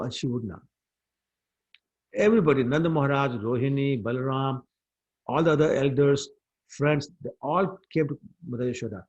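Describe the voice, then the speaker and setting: Husky-voiced man telling scripture stories. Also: medium pitch, lo-fi sound. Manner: animated storytelling, mixing in Hindi words. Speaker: scripture class teacher. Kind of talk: storytelling scripture lesson.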